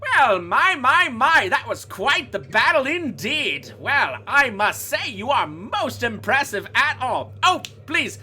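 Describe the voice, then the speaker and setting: A man's voice: extremely high pitch, very animated, takes it slowly, hardly any pauses, pushed and bright, slightly rough, pitched above the performer's own voice, heavily acted. A game master voicing a pompous, theatrical male villain who speaks with florid, mock-polite courtesy. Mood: smug.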